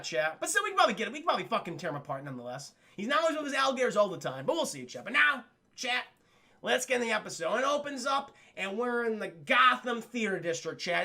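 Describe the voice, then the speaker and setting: Streamer reviewing a cartoon for chat: animated, swearing, bright gravelly voice that swings all over. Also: male voice, high voice. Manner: animated, keeps addressing chat, swears a lot. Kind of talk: profane casual live-stream commentary.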